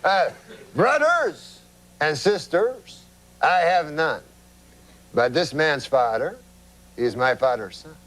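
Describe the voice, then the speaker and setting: A man putting on an excitable French-Canadian uncle with a put-on French-Canadian accent. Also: a little high, slow pace, pauses often. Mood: excited.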